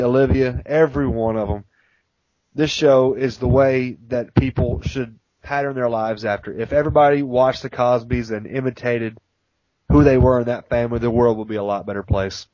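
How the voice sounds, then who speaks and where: A man's voice: medium pitch, normal speed, warm tone, no echo, lo-fi sound. A man co-hosting a podcast, chatting enthusiastically and laughing often as he talks. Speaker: podcast co-host. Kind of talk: casual podcast chat.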